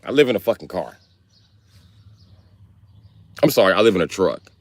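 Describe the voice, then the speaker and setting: A man's voice: deep voice, normal speed, no echo. A man on a live stream telling profane, slangy comedic stories in a casual rant. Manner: profane, animated, slangy storytelling.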